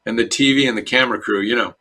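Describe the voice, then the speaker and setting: A middle-aged man from Chicago, a dentist answering interview questions in a relaxed, storytelling way. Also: medium pitch, very fast. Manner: relaxed storyteller, acts out quoted voices. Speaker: dentist guest.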